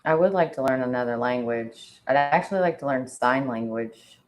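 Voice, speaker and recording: A woman's voice: extremely low pitch, moderate pace, low-quality recording. A woman chatting casually on a talk show, laughing often and filling her talk with "like". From Indiana. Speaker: podcast co-host. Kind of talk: casual chat.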